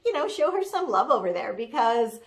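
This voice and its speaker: A woman's voice: on the high side, sing-song, a little fast. A woman putting on a bubbly valley-girl persona. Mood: indignant. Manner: valley-girl talk full of "like" and "totally". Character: bubbly trendy young woman, gushing social media manager. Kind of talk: comedic character monologue.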